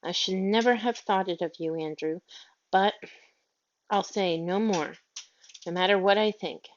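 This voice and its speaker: A woman's voice: unhurried, lightly acted. A woman voicing a fussy, tearful, haughty older lady who frets shrilly over her dog, in a storybook reading. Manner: fretful and shrill, prone to wailing. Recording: dull lo-fi audio.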